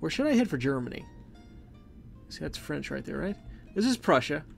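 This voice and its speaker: A man's voice: on the high side, very animated, moderate pace, creaky. A man giving casual gameplay commentary, chatty and thinking aloud as he plays, often correcting himself mid-sentence. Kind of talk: casual let's play commentary. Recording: game music playing faintly behind.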